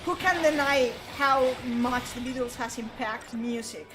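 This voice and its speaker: A woman's voice: fairly high pitch, unhurried, rough recording. A woman from Spain with a Spanish accent, chatting casually on a game stream and hunting for words with many fillers and restarts. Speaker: stream co-host.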